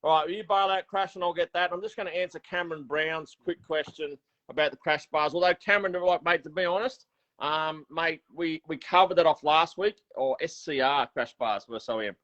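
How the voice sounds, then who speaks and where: A fairly high-voiced Australian man chats and spins stories as the host of a relaxed workshop catch-up. He restarts his sentences often and laughs easily. The sound is dull and lo-fi, like a video call. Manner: chatty storyteller, quick and laughing, many restarts. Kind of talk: casual chat. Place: home workshop.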